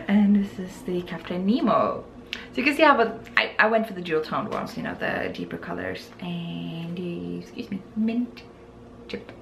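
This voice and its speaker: Gravelly woman, giggly. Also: fairly low pitch, animated, a little slow, a bit bright, a little hiss or hum. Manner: giggly, self-deprecating, stumbles over English words. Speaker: podcast guest. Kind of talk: casual chat, showing a yarn haul.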